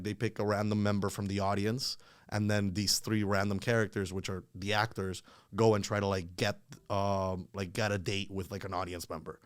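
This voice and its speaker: A man's voice: lowish voice, clean tone, no echo. A man telling a story casually as a podcast guest, rambling with lots of filler words.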